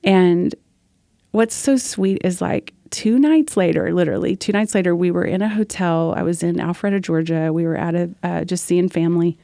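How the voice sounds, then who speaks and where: A woman's voice: on the low side, moderate pace, creaky, warm tone, dry recording, clean studio sound. A woman worship leader telling stories earnestly in a casual podcast conversation, laughing often.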